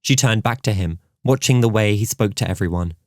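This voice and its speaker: A man narrates an audiobook in a calm, measured storytelling style. His voice is lowish, and the recording is dry and of studio quality.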